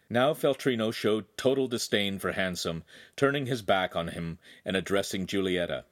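Narrating an action scene from a young adult novel in scripted audiobook style, a man with a lowish voice speaks at normal speed with lively intonation and few pauses. The studio recording is clean, with no echo.

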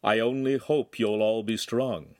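A man's voice: lowish voice, fairly even intonation, a little slow, dry recording, clean studio sound, natural voice. A man voicing an old male monk elder who speaks solemnly in rhyme. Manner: solemn, rhyming sayings.

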